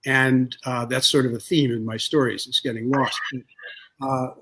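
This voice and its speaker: A man being interviewed as a guest author, telling stories in an unhurried, thoughtful way with many pauses. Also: mid-range voice, little pitch movement, a bit bright, slight background noise. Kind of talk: relaxed storytelling in an interview.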